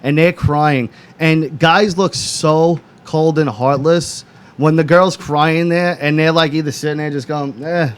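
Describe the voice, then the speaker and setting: Casting: man with a slightly raised pitch, emphatic, swears a lot in casual chat. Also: steady tone, a little slow, clean tone. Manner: emphatic, profane ranting. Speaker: podcast co-host.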